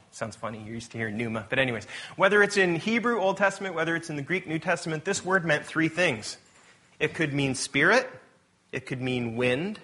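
A pastor with a mid-range voice delivers a sermon in a relaxed, conversational way. As he tells stories, he often restarts sentences and corrects himself.

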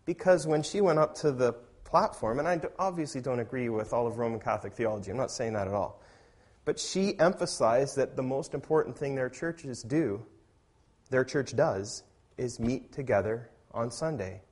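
A male pastor delivering a sermon in an easy, conversational tone. His voice sits at an ordinary middle pitch, and he swells into loud, emphatic passages whenever he reads scripture. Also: expressive, normal speed, breathy edge.

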